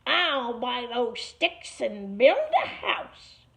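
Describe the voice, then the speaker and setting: A woman's voice: big pitch swings, extremely slow, gravelly, exaggerated voice. Woman doing a cheeky little pig. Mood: cocky. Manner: perky, higher and brighter than the narration. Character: cheeky little male pig, cocky and carefree. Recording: muffled lo-fi recording.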